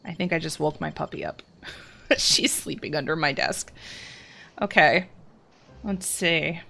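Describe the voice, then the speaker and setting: A woman's voice: sits low, a little slow, gravelly. A woman from New Jersey with a New Jersey accent, chatting casually at her home desk while playing a game. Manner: chatty, rambling, excitable in combat. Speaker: let's play host. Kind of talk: casual gameplay commentary.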